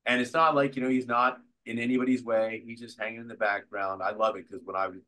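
An older man, an actor being interviewed, telling stories from his life and career in a lively way, acting out the voices of people he quotes. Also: medium pitch, fast, rough recording. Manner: animated storyteller who acts out quotes. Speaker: guest actor. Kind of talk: conversational interview storytelling.

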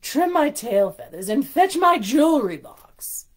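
A woman voicing a pompous, bossy big hen in a storybook read-aloud, with a loud, trilling, commanding delivery. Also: a little high, very animated, normal speed, pitched above the performer's own voice.

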